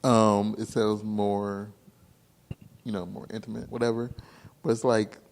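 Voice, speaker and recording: A man's voice: lowish voice, unhurried. A man co-hosting a casual podcast chat, who stammers and repeats words and can drift into a mumble. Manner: stammering, mumbly when relaxed. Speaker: podcast co-host.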